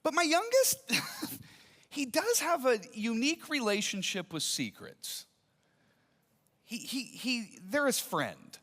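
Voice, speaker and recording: A man's voice: extremely high pitch, big pitch swings, slow pace, fairly bright tone. A man in his forties preaching a sermon, telling a family story with acted-out dialogue. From American Midwest. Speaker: pastor. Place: church auditorium. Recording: long reverb of a large hall.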